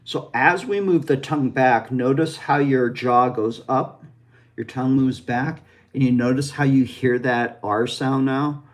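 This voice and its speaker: A man gives a pronunciation lesson at a slow, deliberate pace. He speaks directly to the learner with plenty of encouragement. He draws out sounds so they can be repeated back to him. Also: mid-range voice. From United States. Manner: demonstrative, stretches out drawn sounds for practice. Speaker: pronunciation teacher.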